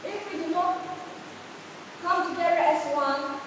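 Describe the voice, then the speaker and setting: A woman's voice: very high-pitched, a little slow. Young Naga woman pleading in echoey hall. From Nagaland, India. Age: young adult. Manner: earnest, appealing for unity. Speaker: debate speaker. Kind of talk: formal competitive debate speech. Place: school hall. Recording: echoey hall, distant mic, hissy noise.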